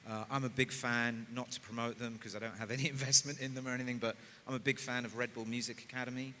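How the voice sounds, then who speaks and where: A man speaking on a music industry panel in a thoughtful, measured way. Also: medium pitch, sharp tone. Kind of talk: panel discussion. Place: conference stage in a large hall. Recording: hall reverb, faint noise.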